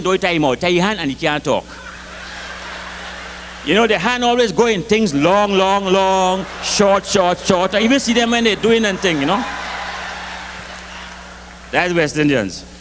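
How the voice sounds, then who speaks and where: Male storyteller, animated rhythmic delivery, high-pitched, light noise floor. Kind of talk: live comic storytelling.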